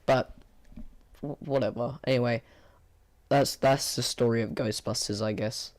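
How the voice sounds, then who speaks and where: Hoarse, tired man rambling through a review. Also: mid-range voice, unhurried. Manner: rambling, full of fillers and restarts; flat, bored-sounding delivery. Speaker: movie reviewer. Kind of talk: casual spoken movie review.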